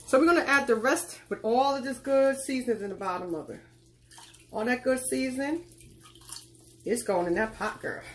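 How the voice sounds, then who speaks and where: A woman with a slightly high voice walks viewers through a live cooking lesson. She gives folksy, instructive directions and calls her audience child and girl. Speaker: cooking tutorial host. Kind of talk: casual live cooking demonstration.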